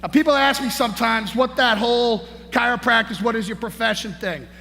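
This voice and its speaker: Male conference speaker: high, gravelly, punchy, all hype and shouting, echoey hall behind. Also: a little fast. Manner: hyped, shouting, keeps saying "man" and "baby". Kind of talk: fired-up motivational speech. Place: large conference hall on stage. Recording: echoey hall, faint noise.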